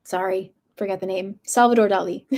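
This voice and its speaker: A woman's voice: medium pitch, steady tone, moderate pace, darkish tone. A young woman hosting a book channel livestream from her room, chatting casually and meandering with lots of fillers.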